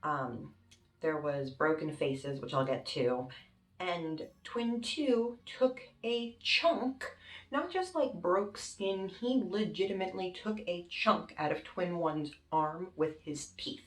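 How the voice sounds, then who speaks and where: A young woman telling a story on her vlog in a casual, animated, dramatic way, with plenty of swearing. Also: lowish voice, takes it slowly. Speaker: YouTuber. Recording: roomy with faint music.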